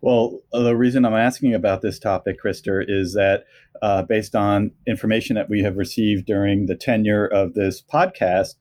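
Measured low-voiced male podcast host. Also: fairly even intonation, darkish tone. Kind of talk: interview questions.

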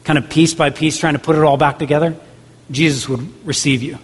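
A man's voice: on the high side, steady tone, brisk, slightly rough. A man pastor preaching a sermon earnestly, with repeated rhetorical questions. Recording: long hall reverb.

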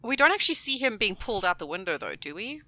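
A woman's voice: mid-range voice, very animated, quick pace, bright, forceful tone, no echo. A woman co-hosting a podcast, recapping a show in playful, joking casual chat. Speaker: podcast co-host.

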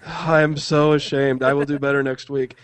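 A man's voice: medium pitch, little pitch movement, normal speed, smooth, dry recording. A man hosting a casual podcast, earnest and often stumbling over his words and restarting. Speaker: podcast host.

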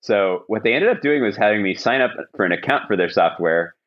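Deep-voiced man telling a rambling story. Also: lively intonation, a little fast, lo-fi sound. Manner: rambling anecdotal telling with many fillers and restarts. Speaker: podcast host. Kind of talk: casual storytelling chat.

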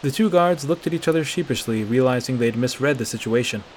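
A man reading a fantasy fan fiction chapter aloud with steady, expressive narration. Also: medium pitch, brisk, slight background noise.

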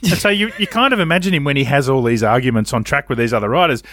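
A man co-hosting a casual motorsport chat, telling stories in a sweary, animated way. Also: mid-range voice, quick pace. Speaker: podcast co-host.

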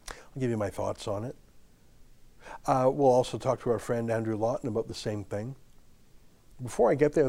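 A man's voice: medium pitch, warm tone, no room sound. Man hosting a political commentary podcast. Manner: emphatic, rhetorical questions. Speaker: podcast host.

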